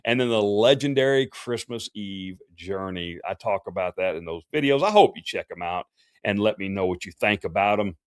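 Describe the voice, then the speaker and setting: A man's voice: on the low side, expressive, normal speed, clear, resonant tone, dry recording, clean studio sound. A man, a professional Santa performer hosting a casual livestream Q&A, talking in a folksy, chatty way with many fillers and restarts.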